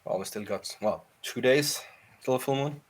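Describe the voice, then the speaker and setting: A man playing a tabletop game who jokes around and talks in halting, drawn-out phrases. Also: medium pitch. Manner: joking, halting with drawn-out words. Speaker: player. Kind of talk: casual tabletop role-play.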